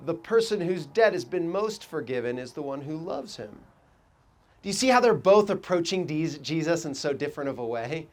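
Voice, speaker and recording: A man preaching a sermon as pastor, telling stories with lively quoted voices and asking the congregation reflective questions. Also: sits high. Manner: animated storytelling, quoting people in raised voices.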